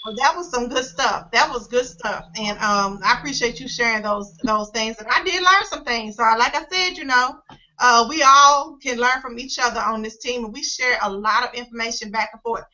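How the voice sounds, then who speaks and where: A woman hosts a casual team video call, her voice high and bright. She is upbeat and openly emotional, heaping encouragement on her team. The audio is dull and lo-fi. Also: moderate pace. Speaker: host.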